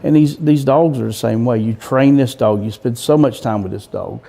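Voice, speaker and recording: A man's voice: mid-range voice, normal speed, gravelly, mellow. A man telling a rambling, folksy story as a guest in a casual interview, with frequent restarts. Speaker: guest, coon hunter.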